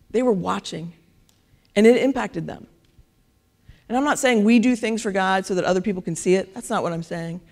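A woman gives a relaxed, conversational sermon and keeps checking in with her listeners. Her mid-range voice carries a gravelly, creaky texture. She sounds like she is talking to a church congregation. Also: mid-range voice. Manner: conversational, keeps asking "right?". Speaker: preacher. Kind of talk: casual sermon.

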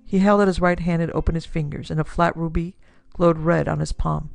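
A woman narrating a classic pulp detective story in a measured storytelling manner. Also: low voice, flat delivery, vocal fry, darkish tone, no echo, faint music behind. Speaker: narrator and producer.

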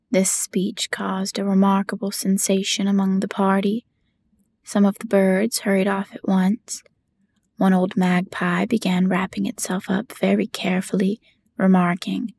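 A woman narrating a bedtime audiobook in a soft, unhurried whisper. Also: medium pitch, little pitch movement, slightly rough.

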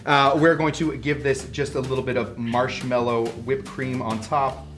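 Bright, rambling male bartender host, casual livestream chat, faint music behind. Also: mid-range voice, level tone, normal speed. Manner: rambling, many fillers and restarts. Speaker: cocktail show co-host and bartender.

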